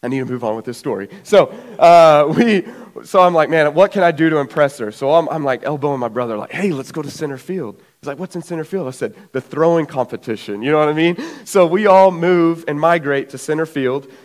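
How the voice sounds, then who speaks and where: A man in his twenties preaching a sermon, telling a lively personal story and acting out his family's voices, a little out of breath. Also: a little high, brisk. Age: 20s.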